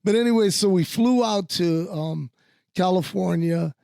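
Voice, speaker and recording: Brief: male podcast co-host, gravelly and unhurried, swears freely, dry close sound. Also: high voice, dark tone, no echo. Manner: profane, rambling with many fillers. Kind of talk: casual storytelling.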